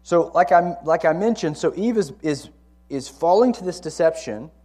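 A man's voice: fairly high pitch, lively intonation, normal speed, a little mellow. A man teaching a Bible lesson to a college ministry, speaking conversationally and repeating key words for emphasis.

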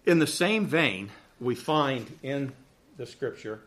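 A man's voice: medium pitch, expressive, takes it slowly, a bit bright. A man with a Southern American accent teaching a church Sunday school class, explaining things in a chatty, reassuring way and often checking in with "okay?". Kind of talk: Bible class lecture.

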